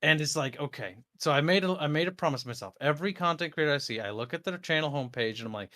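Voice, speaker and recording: A man with a Midwestern accent chats as an interview guest. His voice sits a little high, and he talks in an animated, blunt way, breaking into laughter and swearing freely. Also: fast talker, hardly any pauses. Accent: American Midwestern. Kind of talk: casual interview chat.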